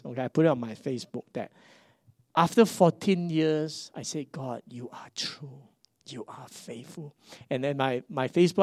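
A middle-aged man with a Singaporean English accent preaches a sermon. His voice sits somewhat high, and it is recorded dry, with no room sound. He swings between hushed asides and emphatic bursts. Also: no echo. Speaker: pastor.

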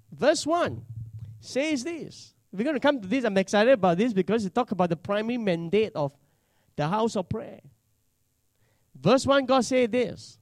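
A man preaching a sermon, reading scripture slowly and emphatically with dramatic pauses. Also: high-pitched, darkish tone, no echo, studio quality.

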